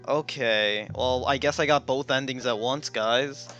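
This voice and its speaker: A young man talks through a horror game, swearing freely and rambling as his thoughts spill out. His pitch sits right in the middle, and faint game music plays underneath. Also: a little slow, few pauses. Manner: profane, excitable, rambling. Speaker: gaming channel host. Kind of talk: let's play commentary.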